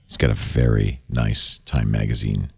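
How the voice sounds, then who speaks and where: A man's voice: very deep voice, measured pace, gravelly, husky, no room sound. A middle-aged man hosting a tech panel show, chatting casually with laughs and reading ads. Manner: animated, conversational, laughs often. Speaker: show host. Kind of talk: casual panel chat and read advertisement.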